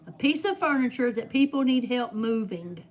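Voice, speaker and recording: A woman's voice: a little high, animated, moderate pace, highs cut off. A woman hosting a casual trivia game with friends. She reads out questions and answers in a playful, teasing way. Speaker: game host.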